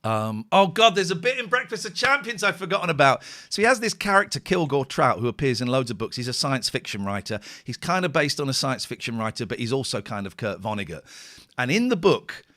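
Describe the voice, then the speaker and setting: In a mid-range voice that's very animated, fairly quick, and pushed bright, a middle-aged man hosts his radio show with no echo on the studio mic. Exhausted, he drifts into emotional rambling and sometimes sounds near tears.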